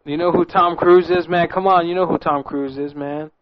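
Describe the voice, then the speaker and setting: Male radio host, pushy banter, higher pitch, muffled lo-fi recording. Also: fairly even intonation, normal speed, no room sound. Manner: pushy, keeps tagging "man" onto lines. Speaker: radio show host making prank calls. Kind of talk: casual comedic banter. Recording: dull lo-fi recording with music behind.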